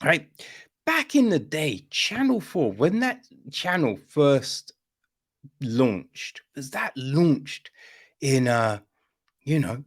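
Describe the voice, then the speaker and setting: Male podcast host, middle-aged, slow-paced and swinging in pitch, blunt and profane in his opinions. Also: big pitch swings. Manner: blunt, sweary, ranting with frequent "right?".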